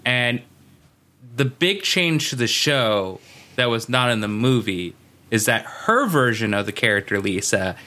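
Male podcast co-host, bright tone, chatty trivia delivery with lots of asides. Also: mid-range voice, lively intonation, unhurried. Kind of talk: casual chat.

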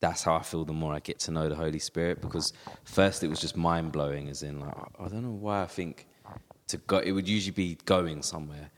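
Very deep-voiced man, reflective. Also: steady tone. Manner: reflective, measured, thinking aloud. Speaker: podcast co-host and church speaker. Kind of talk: casual faith conversation. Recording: long reverb.

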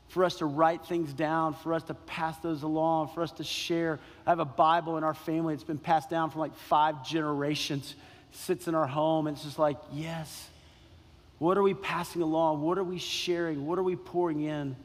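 A man's voice: on the high side, fairly even intonation, moderate pace. A man preaching a sermon as pastor, emphatic, repeating key phrases and questioning the congregation. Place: church sanctuary. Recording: long reverb in a large hall.

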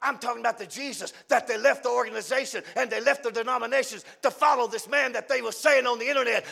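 High, gravelly shouting preacher. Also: male voice. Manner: swings between shouting and hushed low phrases, drawn-out words. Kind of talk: fiery revival sermon.

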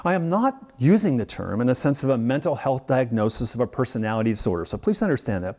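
Male pastor, sermon delivery; measured, explanatory, animated pitch, emphatic slowdowns. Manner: teacherly, explains words and context.

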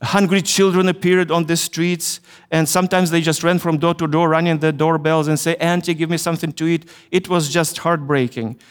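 A man's voice: a little high, steady tone, normal speed, clear, resonant tone. Ukrainian-accented man preaching in echoing hall. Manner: earnest storytelling with frequent hesitations. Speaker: chapel speaker. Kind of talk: chapel sermon. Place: university chapel. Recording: long hall reverb.

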